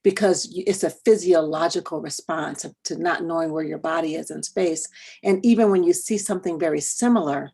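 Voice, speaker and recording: A woman's voice: fairly low pitch, brisk, vocal fry, darkish tone, husky. A middle-aged woman educator giving a workshop talk, telling a personal story, asking the audience questions and dropping to a whisper for quoted thoughts. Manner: addresses the audience directly with questions.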